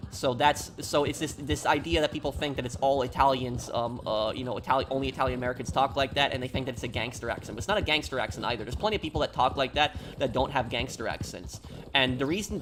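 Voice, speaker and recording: A man's voice: medium pitch, noisy background. A man streaming a game, chatting casually, reading chat aloud and rambling with many fillers.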